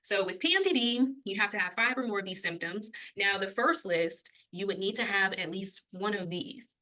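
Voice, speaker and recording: A young adult woman co-hosting a podcast, chatting casually and explaining a topic, laughing often and getting a little breathless when excited. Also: medium pitch, normal speed, rough recording. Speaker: podcast co-host.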